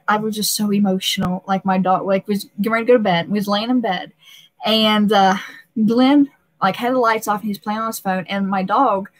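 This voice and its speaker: A woman with a medium-pitched voice hosts a casual live stream. She rambles and gets emotional, laughs often, and fills pauses with "uh" and "um."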